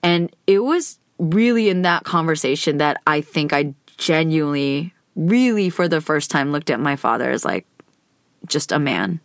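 A woman's voice: sits low, expressive, normal speed, dry recording, studio quality. A woman hosting a podcast, telling a personal story in a candid, conversational way with lots of hedging fillers. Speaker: podcast host.

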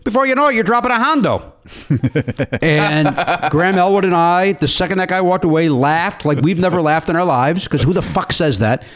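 A middle-aged man in casual conversation, rambling through stories with many fillers and restarts. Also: a little high. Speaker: podcast co-host. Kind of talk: casual chat.

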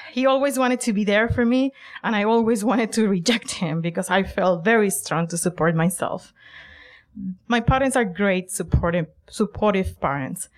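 A middle-aged woman from Puerto Rico telling a personal story, lively and emphatic, acting out quoted lines. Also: mid-range voice. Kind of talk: personal story told to an audience.

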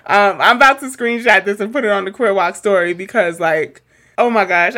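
Young woman podcast cohost, lively chatty therapist, laughs a lot, swears casually. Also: medium pitch, fairly quick.

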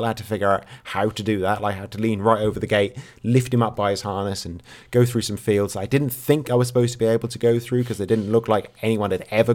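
A man co-hosting a podcast, telling a story with dry, deadpan humour in a relaxed, rambling way. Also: on the low side. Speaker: podcast co-host. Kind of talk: casual chat.

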